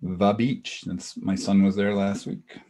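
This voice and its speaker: A man's voice: on the low side, flat delivery, measured pace, dark tone. A middle-aged man co-hosting a webinar, chatting casually and greeting attendees by name over a video call. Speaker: webinar co-host.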